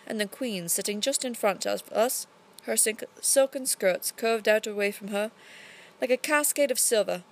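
A woman reading a storybook aloud in a put-on English accent, narrating steadily with lively emphasis. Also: fairly high pitch.

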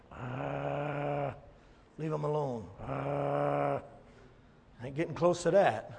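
A man preaching a sermon as pastor, moving from low, quiet talk to loud, shouted passages. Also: creaky. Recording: hall reverb.

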